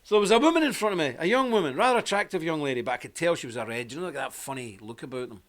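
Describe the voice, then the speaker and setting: Man, live-stream host, chatty storyteller, fairly high voice, greets viewers by name. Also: expressive, very fast.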